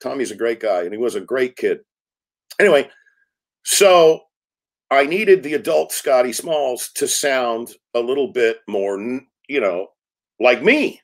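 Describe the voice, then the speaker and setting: A man in his sixties, a film director, telling lively anecdotes in an interview and acting out quotes. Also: mid-range voice, unhurried. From United States. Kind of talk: storytelling interview talk.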